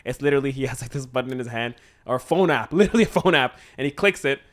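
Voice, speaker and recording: A young man co-hosting a casual chat, pitching story ideas in a rambling, animated way and swearing freely. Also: very fast. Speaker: podcast co-host.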